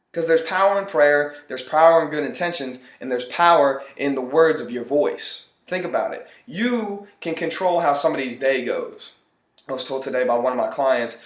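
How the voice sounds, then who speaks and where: Earnest male motivational speaker, mid-range voice, echoey room. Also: mid-range voice. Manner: earnest, repeats phrases for emphasis. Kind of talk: motivational monologue. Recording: roomy echo.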